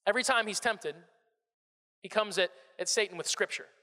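A man preaching a sermon in a high, bright voice, chatty and animated, doubling up his words as he gets going. The sound carries a long reverb from a church hall. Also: normal speed. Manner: conversational, animated, repeats words when starting phrases. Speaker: pastor.

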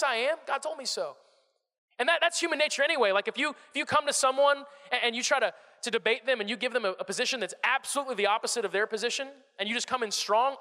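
A man in his thirties or forties preaching a conversational sermon, animated and repeating words as he starts his phrases. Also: very high-pitched, big-room sound. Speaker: pastor.

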